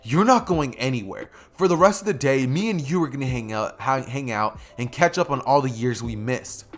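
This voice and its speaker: A man's voice: mid-range voice, moderate pace, lightly acted. A man voicing a bossy, brash teenage girl who talks in a pushy, demanding way.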